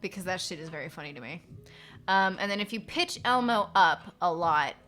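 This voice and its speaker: A woman's voice: lowish voice, lively intonation, fairly quick, fairly bright tone, soft background music. A woman streamer and voice actor chatting casually on a live stream from her apartment, rambling with fillers and swearing, her nose congested. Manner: rambling, frequent fillers and profanity.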